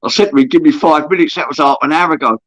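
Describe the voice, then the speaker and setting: A man's voice: fairly high pitch, fast, a bit bright. A man chatting casually as a caller on a live panel, rambling and friendly. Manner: rambling, friendly, says mate a lot. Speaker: guest caller. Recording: dull lo-fi call audio.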